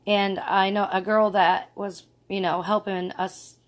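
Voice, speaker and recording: A woman's voice: medium pitch, level tone, unhurried. A middle-aged woman vlogging casually, telling a personal story in an earnest, rambling way.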